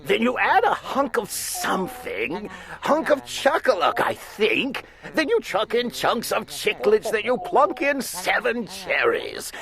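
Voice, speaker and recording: A woman's voice: medium pitch, gravelly, fairly bright tone, exaggerated voice. A woman voicing a smug, gabbing green male glunk creature in a storybook read-aloud. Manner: gabbing, sing-song and pushy.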